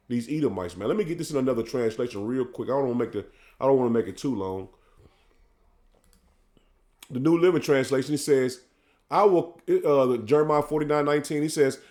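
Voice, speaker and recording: A man preaching, tagging "man" onto his lines and reading scripture slowly and loudly. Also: mid-range voice. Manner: fervent, says "man" after nearly every line; reads verses slowly and loudly. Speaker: street preacher.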